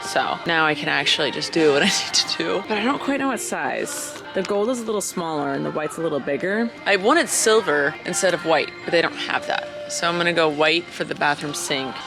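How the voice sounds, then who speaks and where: A woman's voice: low voice, lively intonation, brisk, hardly any pauses, over music. A woman chatting casually to her camera in a rambling, self-mocking vlog as she goes about her errands. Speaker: vlogger. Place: at home and out on errands.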